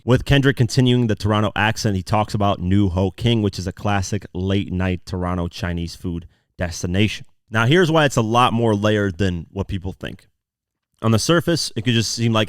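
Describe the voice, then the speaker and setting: A man's voice: fairly low pitch, fairly quick, smooth, no echo, clean studio sound. A man hosting a podcast, talking casually as he breaks down lyrics line by line with frequent fillers. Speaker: podcast host.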